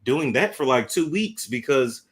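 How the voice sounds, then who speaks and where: A woman's voice: rumbling low, expressive, measured pace, a loud crowd. A woman of about thirty, co-hosting a talk show and chatting easily, agreeable and full of fillers. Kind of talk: casual chat.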